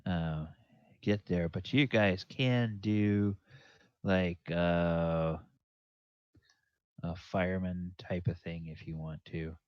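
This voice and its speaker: Male game master, very low, unhurried delivery, dry dull lo-fi sound. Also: steady tone, clear, resonant tone, no echo. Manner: halting, many fillers and restarts, musing aloud. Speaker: dungeon master. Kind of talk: narrating a tabletop game.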